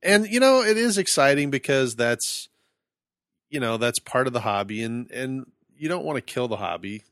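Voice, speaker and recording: A man's voice: mid-range voice, normal speed, dry recording, clean studio sound. A man co-hosting a casual podcast, telling stories with lots of laughter and acted-out quotes. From Phoenix area. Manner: animated storyteller, laughs often, acts out quotes. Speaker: podcast co-host. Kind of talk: casual chat.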